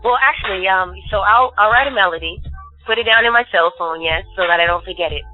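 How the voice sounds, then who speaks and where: A woman bassist explains her process in a flowing, animated stream. Her voice is thin and phone-like. Music plays clearly behind her. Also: fast. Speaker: bassist and singer guest. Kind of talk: interview answers. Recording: tinny phone line.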